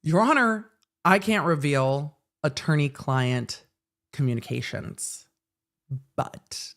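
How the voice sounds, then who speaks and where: A woman's voice: deep voice, lively intonation, takes it slowly. A woman hosting live commentary on a court hearing, talking in a blunt, sardonic way and swearing freely. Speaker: legal commentary host.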